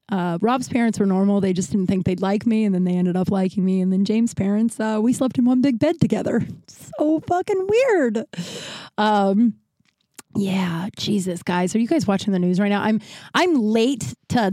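A woman's voice: mid-range voice, mellow, dry recording. A woman hosting a podcast, telling stories in a candid, rambling, profane way with restarts. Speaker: podcast host. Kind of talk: casual storytelling monologue.

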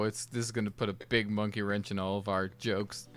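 A man's voice: on the low side, level tone, brisk. A man co-hosting a casual comedy history chat, making dry, laid-back wisecracks. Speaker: podcast co-host.

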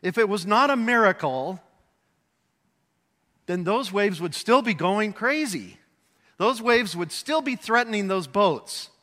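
A high-voiced man preaches a sermon with lively, animated delivery, sometimes acting out voices and raising to a shout for emphasis. His tone is bright and forward, and the long reverb of a large hall trails after each phrase. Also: unhurried, pauses often. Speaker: pastor.

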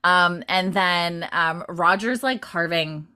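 A young woman in casual chat, rambling through a retelling with many fillers and acting out lines in a higher voice. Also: slow pace, pushed and bright, clear, resonant tone. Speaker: podcast host recapping a TV episode.

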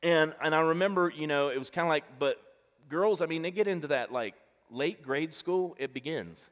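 A middle-aged male pastor preaching a sermon in a relaxed, conversational way, telling family stories and acting out the dialogue. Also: a little high, moderate pace. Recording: long reverb of a large hall.

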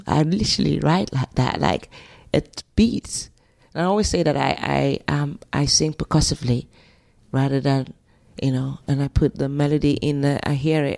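Nigerian woman in an interview, lowish gravelly voice, animated storyteller. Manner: animated storyteller who scats and acts out quotes. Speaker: guest.

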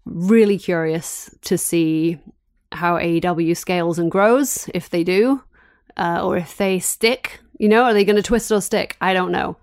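A woman co-hosting a podcast in casual chat, talking in an animated way and laughing between points. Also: on the low side, a little slow, no room sound, clean studio sound. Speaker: podcast co-host.

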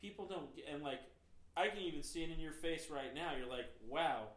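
A man who works as a chef, telling a long story in casual chat with a rambling, profane and animated way of talking. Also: a little high, fairly quick. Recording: echoey room with faint noise.

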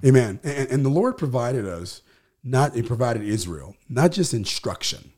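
A man's voice: mid-range voice, sing-song, normal speed, darkish tone, breathy edge. A male pastor, a guest on the show, teaching scripture in conversation. He talks in an emphatic, preacherly way and builds his points through repetition.

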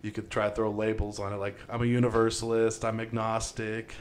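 A man's voice: fairly low pitch, monotone, a little fast, slight background noise. A young man hosting a podcast, telling stories loosely with lots of fillers and laughs. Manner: rambling storyteller, many fillers, laughs often. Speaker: podcast host. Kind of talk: casual podcast chat.

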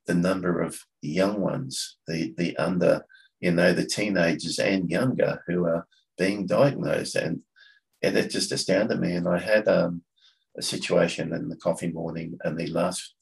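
A deep-voiced Australian man with a gravelly, creaky edge talks casually on a podcast. He stops and restarts his sentences often and fills the gaps as he looks for the right words. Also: rough recording. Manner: halting, with many restarts and fillers. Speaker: coffee catch-up organiser, podcast guest. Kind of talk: casual conversation.

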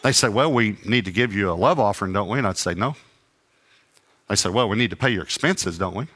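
A man's voice: on the low side, fairly quick. A middle-aged male preacher telling a sermon story, acting out each side of a conversation with self-deprecating humor. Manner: animated anecdotes with acted-out dialogue and self-deprecating humor. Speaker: traveling preacher.

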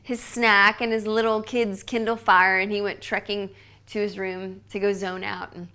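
A woman in her thirties giving a devotional podcast teaching, earnest and conversational, often dropping to a soft hush for emphasis. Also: medium pitch, flat delivery, normal speed, clean tone. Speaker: Bible teacher.

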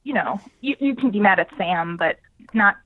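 A woman phones in to a radio show, polite and hesitant as she gently pushes back. The line sounds tinny and dry, like a phone call. Her pitch is typical for a woman. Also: animated, moderate pace, dry recording. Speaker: caller.

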